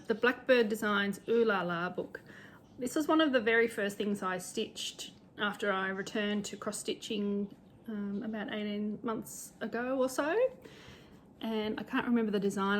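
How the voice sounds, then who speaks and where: Over slight background noise, a middle-aged Australian woman talks at normal speed in a mid-range, fairly bright voice. She vlogs about cross-stitch, rambling cheerfully and casually about home sewing while making self-deprecating remarks from time to time.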